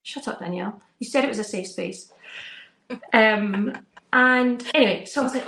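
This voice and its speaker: A young woman, a podcast co-host, telling a story in animated, casual chat and acting out her children's voices. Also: a little high, fairly quick. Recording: roomy echo.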